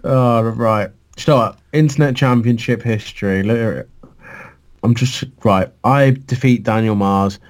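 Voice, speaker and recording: A man's voice: medium pitch, measured pace. A young man, chatting casually about a fan wrestling league, swearing and laughing as he reminisces. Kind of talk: casual chat.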